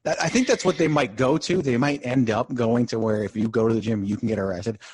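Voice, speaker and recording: A man's voice: medium pitch, fairly quick, darkish tone, slightly rough. A man co-hosting a casual podcast with a dry, sarcastic delivery, recorded over a video call. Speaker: podcast co-host. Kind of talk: casual chat. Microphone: webcam video call.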